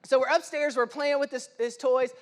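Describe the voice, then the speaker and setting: A young man preaching a sermon in church, telling stories in a lively, humorous way and acting out the voices of the people he quotes. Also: very high-pitched, moderate pace. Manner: animated, acts out quoted voices, self-deprecating humor. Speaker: pastor. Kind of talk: sermon with storytelling.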